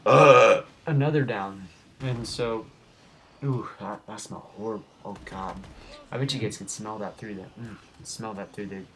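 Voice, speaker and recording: A young man giving casual, rambling commentary over his gameplay footage as the host of a gaming channel, goofy and easily sidetracked. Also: fairly low pitch. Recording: home recording with faint background noise.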